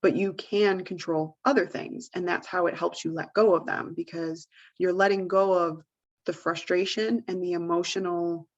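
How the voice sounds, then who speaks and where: Woman co-host, lowish voice, talks casually with lots of fillers, muffled lo-fi audio. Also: steady tone, moderate pace. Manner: rambling, full of "like" and "you know". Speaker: podcast co-host. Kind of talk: casual advice chat.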